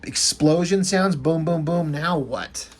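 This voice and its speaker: A man's voice: fairly high pitch, takes it slowly, slight background noise. A man giving a casual, enthusiastic review of a comic book, rambling a little with fillers.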